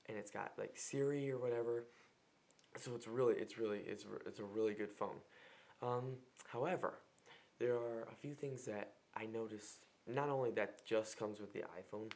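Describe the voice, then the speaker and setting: Chatty young man venting casually. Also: fairly low pitch. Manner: chatty and exasperated, acting out texts in mock voices. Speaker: vlogger. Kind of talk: casual vlog. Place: a room other than his usual filming spot.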